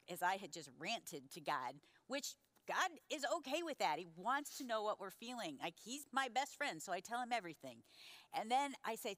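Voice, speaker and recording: A woman in her sixties telling a personal story in a conversational sermon, animated and acting out the voices. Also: medium pitch, dry recording. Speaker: pastor's wife, co-speaker.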